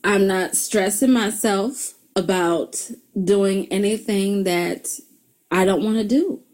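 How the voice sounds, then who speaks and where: A middle-aged woman giving a motivational talk, telling stories in a lively way, laughing often and calling her viewers y'all. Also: mid-range voice, slow. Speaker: self-help video host.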